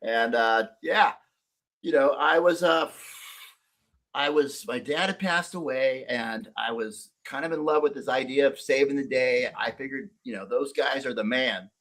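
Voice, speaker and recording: A man's voice: mid-range voice, a little slow, fairly bright tone. Middle-aged man, plain mid voice, candid podcast guest, swears freely, recaps his life. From Northern California. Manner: candid, profane storytelling. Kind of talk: casual podcast conversation.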